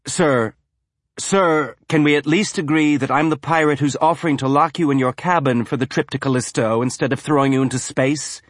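A man voicing a calm, firm woman ship captain with a wry edge. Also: a little high, no echo, studio quality, pitched above the performer's own voice, close to an everyday voice. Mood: sardonic. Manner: calm, measured.

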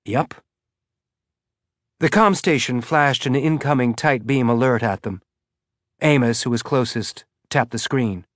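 A man narrating an audiobook in a steady, measured storytelling manner, lightly voicing the characters. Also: medium pitch, no echo, clean studio sound. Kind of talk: scripted narration.

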